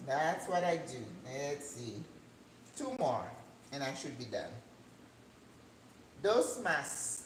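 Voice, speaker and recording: A woman's voice: takes it slowly, pauses often. Chatty older woman in an echoey kitchen. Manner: chatty, rambling, with sudden excited jumps in pitch. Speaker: cooking channel host. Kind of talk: casual cooking chat. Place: home kitchen. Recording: echoey room with faint background hum.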